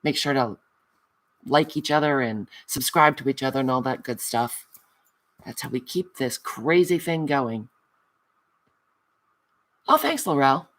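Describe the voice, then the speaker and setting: A woman's voice: rumbling low, lively intonation, a little slow, long pauses, a bit bright. Woman host wrapping up a craft livestream: affectionate, self-mocking, chatting back to viewers. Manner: chatty, reads out and answers viewer comments; affectionate, calls viewers honey. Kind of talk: casual livestream chat.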